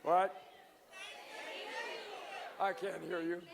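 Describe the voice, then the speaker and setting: A ninety-year-old man rambles through warm, joking anecdotes at a podium, hard of hearing and forgetting where he left off. His voice sits high for a man. It carries through a large reverberant hall over a faint hum of audience and noise. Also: level tone, very slow, gravelly, crowd noise. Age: 90s. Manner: folksy, joking, loses his place. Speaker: founder giving anniversary address. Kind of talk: rambling anecdotal speech to a crowd.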